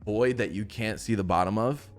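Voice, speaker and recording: Slangy young man, low voice. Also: faint music behind. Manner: slangy and profane, reacting with quick interjections. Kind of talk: casual chat.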